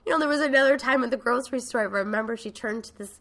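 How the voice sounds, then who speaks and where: A woman who hosts a podcast and works as a coach gives a frank, emphatic motivational talk with casual swearing. Her slightly high voice is bright and forward with a gravelly, creaky texture, and she speaks very fast.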